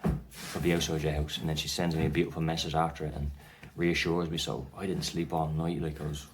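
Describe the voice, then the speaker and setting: An Irish man with a bass voice tells a personal story about his anxiety casually to camera as a vlogger. He talks fast in a level tone, rambling with many fillers and restarts, and there's a little hiss or hum in the audio.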